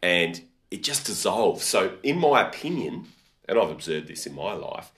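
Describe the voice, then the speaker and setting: Male podcast host, very low voice, chatty and loose, lots of restarts. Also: big pitch swings, normal speed, fairly bright tone. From Australia. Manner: chatty, thinking aloud with frequent restarts. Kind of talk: casual conversational interview.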